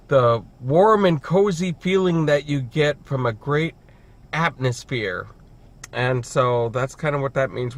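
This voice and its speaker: A man talks into his camera mic as he wanders a city neighborhood for his travel vlog. His pitch sits in the middle range, and he sounds chatty and a little self-deprecating, often restarting his sentences. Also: fairly bright tone. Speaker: travel vlogger host. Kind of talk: casual travel vlog narration. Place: out and about in a city neighborhood and a bar.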